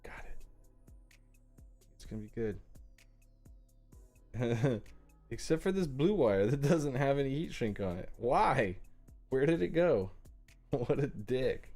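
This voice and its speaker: A man's voice: medium pitch, animated, slow pace, pauses often, dark tone, faint music behind. A man hosting a live stream, chatting casually with viewers while he works. He jokes a lot and mocks his own mistakes. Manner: self-deprecating and joking, talks to chat while working. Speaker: livestream host. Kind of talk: casual live build commentary.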